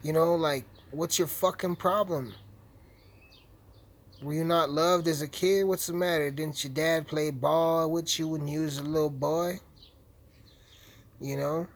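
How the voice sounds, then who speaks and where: Young male streamer, foul-mouthed trash-talker, a bit high-pitched, loose rambling commentary. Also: fairly even intonation, unhurried, pauses often, rough recording. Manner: profane, rambling, trash-talking. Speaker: gaming streamer. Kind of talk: casual gameplay commentary.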